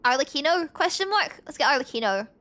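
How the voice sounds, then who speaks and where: A woman streamer giving casual, excitable gameplay commentary, swearing and boasting freely. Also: high-pitched, fast. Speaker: VTuber streamer. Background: game music.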